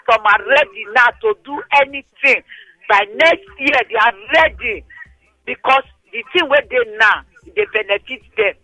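Animated high woman in Nigerian Pidgin. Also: dry recording, poor audio. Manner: animated, scolding commentary. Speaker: radio phone-in host. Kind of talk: casual radio phone-in chat.

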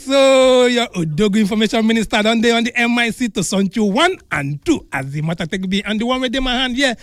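A man's voice: sits high, no echo, studio quality. A man with a Nigerian Pidgin accent, co-hosting a radio show and reading an ad with playful energy. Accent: Nigerian Pidgin English. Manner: playful, lively ad delivery. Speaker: radio co-host. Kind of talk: casual banter and ad read.

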